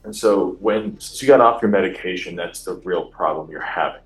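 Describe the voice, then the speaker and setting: A man working as a lawyer, questioning a defendant in court briskly. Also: low-pitched, echoey room, soft background music, poor audio.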